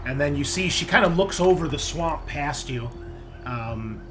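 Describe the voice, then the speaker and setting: A man's voice: fairly high pitch, animated, a little slow. A man running a tabletop game as game master, describing the scene to players in a loose, rambling way. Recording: tense background music.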